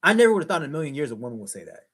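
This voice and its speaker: Animated man hosting sports talk. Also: on the high side, racing. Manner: animated, emphatic, talks straight to viewers. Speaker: show host. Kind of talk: casual late-night sports talk.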